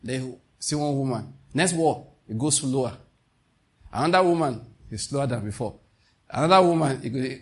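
Husky Nigerian preacher, impassioned. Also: male voice, mid-range voice, lively intonation, normal speed. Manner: impassioned, mixing in pidgin asides. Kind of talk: sermon.

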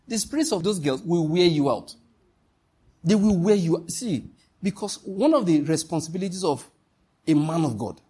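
A man's voice: on the high side, darkish tone, breathy edge. A man with a Nigerian accent preaching a sermon, emphatic and repetitive, often quizzing his listeners. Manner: emphatic, repeats key lines, quizzes the listeners.

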